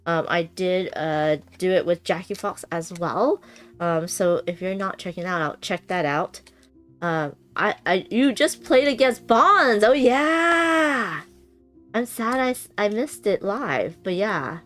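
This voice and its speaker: A woman's voice: on the low side, unhurried, faint music behind. A woman chatting casually with her live-stream viewers while unboxing a board game, bubbly, laughing often and using many fillers. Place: home room with noisy bathroom upstairs.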